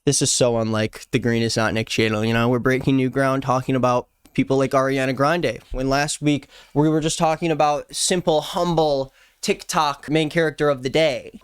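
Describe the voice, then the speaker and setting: A man's voice: mid-range voice, smooth, no echo, studio quality. A man in his twenties giving playful, jokey casual commentary as a YouTube host. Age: 20s. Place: Los Angeles.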